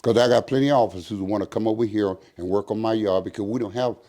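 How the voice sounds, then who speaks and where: This older retired prison captain speaks fast with a fairly low-pitched voice. During an interview he tells a story, animatedly acting out the dialogue in the voices of its characters.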